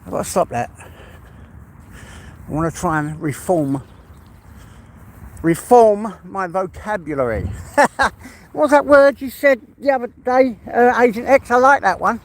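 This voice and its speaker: Walking his dog through the countryside, an English livestream host talks to his phone audience, letting the odd swear word slip. He speaks high and measured, pausing often, and a little hiss or hum sits under the audio.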